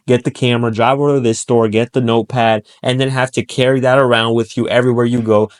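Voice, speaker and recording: Guy doing a blunt motivational rant, swears a lot, keeps repeating his point, normal pitch. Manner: blunt and profane, acts out short quoted voices; emphatic, repeats key points. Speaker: self-improvement speaker. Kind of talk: motivational monologue.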